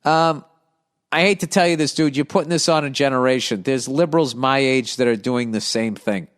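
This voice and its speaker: A man's voice: medium pitch, moderate pace, smooth. Profane ranting podcast host, man. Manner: blunt profane ranting with lively animated swings. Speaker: comedian podcast host reading listener mail. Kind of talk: casual podcast rant.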